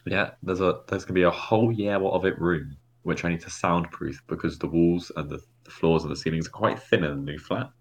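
A man's voice: deep voice, a little fast, few pauses. A young man co-hosting a podcast who swears freely and flares up in mock anger during casual banter. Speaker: podcast co-host.

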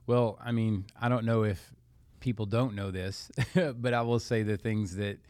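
Male podcast co-host, low voice, dry close mic, thinks aloud. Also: steady tone, measured pace, a little mellow, dry recording. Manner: reflective, thinks aloud with light laughs. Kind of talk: casual podcast conversation.

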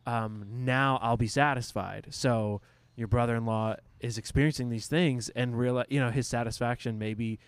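A man's voice: mid-range voice, steady tone, moderate pace, few pauses, clean tone, dry recording. A man, a pastor, reflecting in a casual faith discussion, thinking aloud and restarting as he goes.

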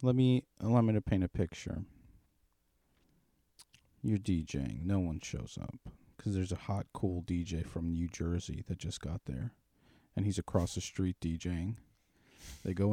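A man with a low, mellow voice rambles through a long, profane, darkly joking story in casual chat. The recording is dry and close, with no room sound. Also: unhurried, no echo.

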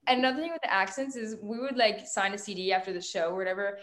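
A woman's voice: mid-range voice, quick pace, a bit bright. A young woman, a country music artist, chatting casually in an interview, bubbly and full of "like". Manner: bubbly, says "like" a lot.

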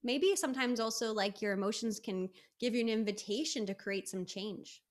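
A woman's voice: on the high side, moderate pace. A woman who is a guest on a podcast, chatting animatedly and playfully, often acting out quotes. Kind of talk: casual chat.

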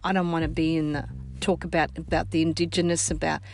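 An older woman with an Australian accent hosting a casual chat, telling stories in a warm, heartfelt way. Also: low-pitched, flat delivery, quick pace, faint music behind.

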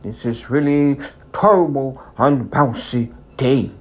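A storybook reader voicing a bouncy male tiger in a grumpy mood, read slowly. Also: medium pitch.

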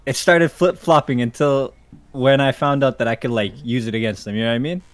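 A man's voice: medium pitch, brisk. A man from Iran co-hosting a podcast, chatting casually in slangy, profane talk and acting out quotes as he tells stories. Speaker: podcast co-host. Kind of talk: casual chat.

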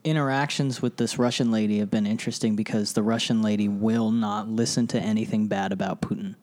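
A man's voice: lowish voice, steady tone, brisk, darkish tone. A man co-hosting a podcast, telling an anecdote in a laid-back, chatty way with filler words. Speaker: podcast co-host. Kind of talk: casual chat.

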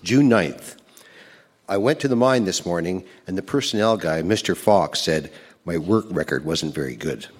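A man's voice: low-pitched, animated, normal speed. An older man reading his old letters aloud to an audience in an earnest, plain way. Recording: background noise.

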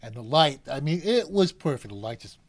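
Middle-aged male guest storyteller, fairly high voice, lively delivery, acts out voices. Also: a little fast. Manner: animated storyteller acting out voices. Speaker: cable car gripman, interview guest. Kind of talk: storytelling in a podcast interview.

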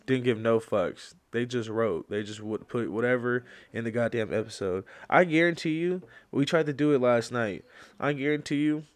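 A young man hosting a casual solo podcast, telling rambling stories full of slang and fillers, and getting loud and worked up when he rants. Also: medium pitch, moderate pace. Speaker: podcast host.

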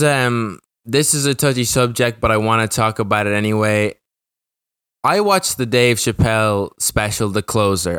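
Rambling young male podcast host, crisp voice. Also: mid-range voice, fairly bright tone, no echo, clean studio sound. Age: young adult. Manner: rambling, profane, restarts sentences. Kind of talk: casual podcast monologue.

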